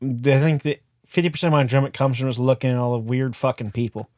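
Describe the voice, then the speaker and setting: A young man co-hosting a casual podcast, telling a crude story with lots of swearing and animated retellings. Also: mid-range voice, fast, dry recording, clean studio sound. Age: young adult. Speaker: podcast co-host. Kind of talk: casual chat.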